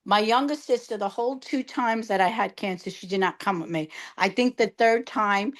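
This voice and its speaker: A woman's voice: mid-range voice, moderate pace. A middle-aged woman from New York, a guest in a casual chat, telling her story about cancer treatment and acting out the dialogue in it.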